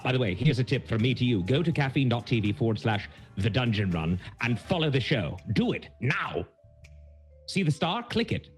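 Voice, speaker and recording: A man playing a pompous, absent-minded old lord who hosts the intermission, talking grandly and rambling. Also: lowish voice. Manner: grandiose, rambling, theatrical swoops. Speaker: intermission host. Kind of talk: in-character stream host segment.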